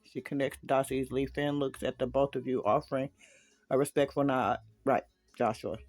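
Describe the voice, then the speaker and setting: A man's voice: mid-range voice, flat delivery, brisk, darkish tone, no room sound. A man casually reading a fan story aloud, dropping chatty asides to listeners. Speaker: story reader.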